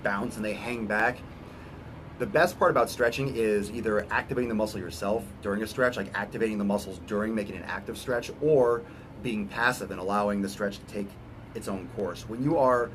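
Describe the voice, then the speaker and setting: A man's voice: on the low side, a little hiss or hum. A man working as a fitness coach, chatting casually as he answers viewer questions, blunt and profane with joking asides.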